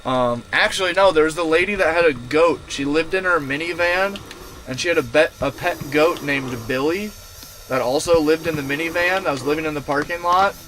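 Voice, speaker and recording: A man's voice: a little high, a little fast, fairly bright tone, a little hiss or hum. A man streaming from his camper van, telling a story to his live chat in a casual, profane, rambling way with lots of fillers.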